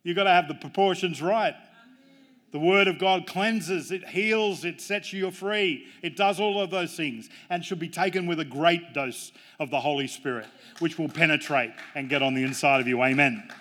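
A man's voice: on the high side, moderate pace, fairly bright tone. A man preaching a sermon as pastor, mixing jokes and family stories with emphatic, rising points. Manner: jokey, storytelling preacher with emphatic rises.

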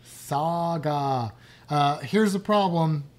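A woman's voice: low-pitched, moderate pace, darkish tone. A woman co-hosting a podcast in casual, rambling, self-deprecating chat. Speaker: podcast co-host.

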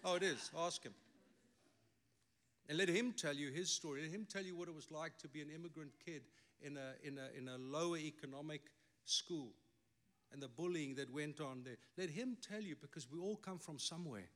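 A man's voice: a little high, normal speed, a bit bright. A middle-aged man with a South African accent, a native Afrikaans speaker, preaching a sermon with emphatic delivery and wry asides. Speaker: pastor.

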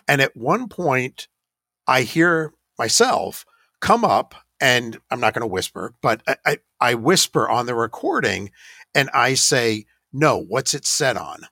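A man's voice: medium pitch, very animated, a little slow, bright, forceful tone, dry recording, studio quality. Chatty man telling a ghost-hunting story. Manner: chatty, self-deprecating, laughs while telling. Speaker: paranormal investigation team leader. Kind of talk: casual anecdotal storytelling.

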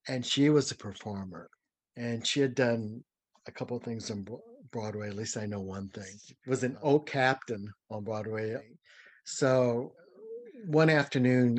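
A man's voice: mid-range voice, dry recording. Older man, dry close voice, telling stories. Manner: lively, dramatic storyteller. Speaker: interview guest, former ballet dancer. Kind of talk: anecdotal storytelling.

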